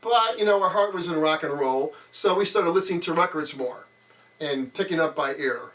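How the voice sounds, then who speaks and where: A man in his sixties, his voice on the high side and fairly bright, tells childhood stories at a moderate pace in an informal interview. He wanders along with many fillers, dramatizing quotes, and is recorded a bit far from the mic.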